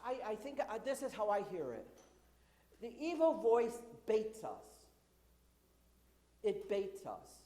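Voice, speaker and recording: A woman preacher delivers a conversational sermon from a church, her pitch set a little high and moving a great deal. She throws rhetorical questions at the congregation and drops in dry, sarcastic asides. The sanctuary's long reverb trails after every phrase. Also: warm tone.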